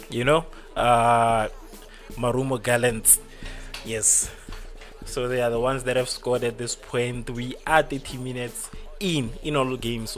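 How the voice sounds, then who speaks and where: Young male livestream host, casual chatty delivery, filler-heavy, greets viewers. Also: medium pitch. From South Africa. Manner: chatty, many fillers, reads out viewer names. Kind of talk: football watchalong livestream chat.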